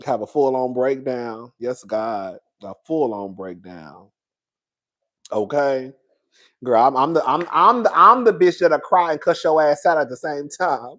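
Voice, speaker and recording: A man hosting a casual live chat with his viewers, animated and profane, laughing often and calling them girl and honey. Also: medium pitch, a little slow. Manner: calls listeners girl and honey. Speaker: YouTube commentator.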